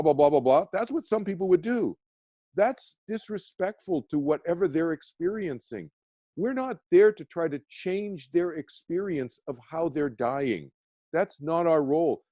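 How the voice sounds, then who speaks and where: A guest meditation teacher with a warm, slightly high voice explains earnestly, restarting often and checking in by asking "okay?" The recording has no room sound.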